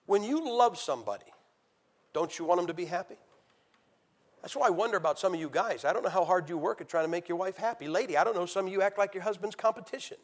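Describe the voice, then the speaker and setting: A man's voice: high voice, lively intonation, fast. A middle-aged man preaching, an evangelist telling his own story in a conversational, emotional and direct way. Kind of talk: sermon testimony.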